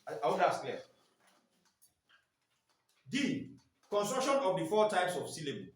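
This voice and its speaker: A man's voice: high voice, sing-song, unhurried. A man training teachers in phonics, quizzing the class with repeated "what?" questions. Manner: quizzing, asks "what?" and waits for answers. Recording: echoey room, mic far off.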